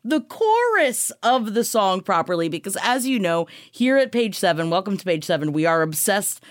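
A woman's voice: medium pitch, sing-song, normal speed. A young adult woman co-hosting a gossip podcast in casual chat, playful and teasing, breaking into song snippets. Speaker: podcast co-host.

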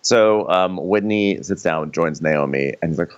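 A man's voice: a little slow, lo-fi sound. A man co-hosting a comedy podcast, recapping a reality show and acting out the cast in squealy voices. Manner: animated, acts out cast members in high squealy voices. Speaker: podcast co-host.

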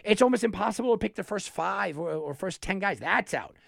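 Animated gravelly man talking sports bets. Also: high voice, brisk, dry recording, studio quality. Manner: animated, talks himself through picks with restarts. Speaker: sports betting show host. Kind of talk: solo sports betting talk.

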